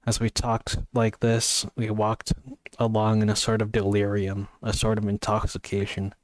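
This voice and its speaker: A man's voice: fairly low pitch, completely flat delivery, moderate pace, dry recording, clean studio sound. A man casually reading a novel aloud, sleepy and yawning, stumbling over words and apologizing. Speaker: amateur reader.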